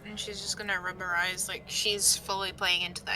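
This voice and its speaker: A woman's voice: mid-range voice, level tone, fairly quick, background noise. A woman playing in a tabletop game, chatting playfully with the game master. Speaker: player.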